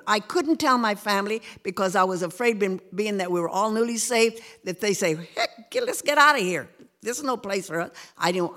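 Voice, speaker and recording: A woman's voice: mid-range voice, a bit bright. An older woman telling her church testimony in an earnest, rambling way, her voice lifting when she quotes people. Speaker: guest giving a testimony.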